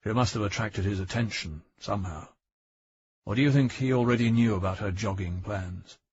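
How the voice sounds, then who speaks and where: A man voicing a weary, terse older male detective chief inspector with a husky voice. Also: lowish voice, normal speed, darkish tone. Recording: dry, dull audiobook recording.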